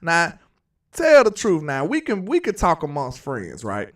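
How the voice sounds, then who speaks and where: A man co-hosting a casual sports talk show, playful and animated, often laughing as he rants. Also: fairly high pitch, a little slow, far from the mic.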